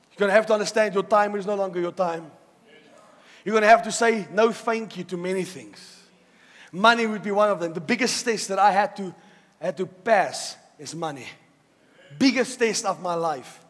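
A man preaching a sermon to a church, swinging from loud shouting to hushed intensity and repeating words for emphasis. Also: high-pitched. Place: church hall with a congregation. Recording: long hall reverb.

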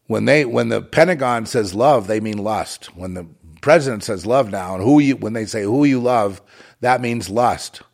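A man's voice: fairly low pitch, moderate pace, gravelly. A man delivering a rambling, moralizing monologue with a sardonic, digressive way of talking.

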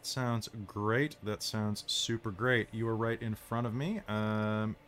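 A woman running a tabletop game as game master, narrating combat in vivid, measured detail. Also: rumbling low, steady tone, a little hiss or hum.

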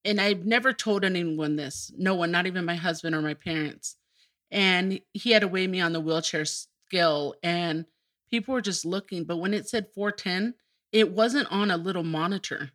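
A woman's voice: lowish voice, normal speed, fairly bright tone. A middle-aged woman, a podcast guest, telling her personal story candidly and openly, with bursts of laughter. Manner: open and emotional, breaks into laughter.

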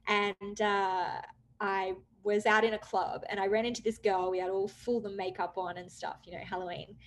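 A young woman candidly recounting a personal story, with many "like" fillers, acting out quoted dialogue with lively jumps in pitch. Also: normal speed. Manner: chatty, frequent "like" fillers. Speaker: guest telling her story.

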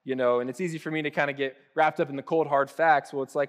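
Casual, animated man preaching a sermon. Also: fairly high pitch, fast talker, few pauses. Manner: casual and animated, acting out little voices, with laughs and soft hushed asides. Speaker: pastor. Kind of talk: conversational sermon.

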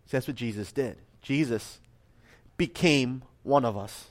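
A man's voice: medium pitch, a little slow. A middle-aged man preaching a sermon in a conversational, self-deprecating way, with personal asides. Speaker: pastor.

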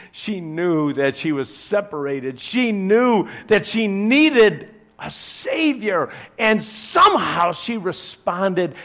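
Slow, animated male preacher. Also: fairly high pitch. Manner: animated storytelling with big swings between loud and hushed. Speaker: pastor. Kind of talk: sermon.

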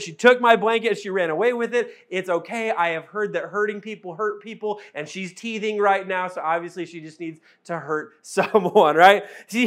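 A man with a notably high voice preaches a casual sermon. He talks to the congregation like he is chatting with friends, slips into humorous storytelling, and repeats key phrases for emphasis. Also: a bit bright. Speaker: pastor.

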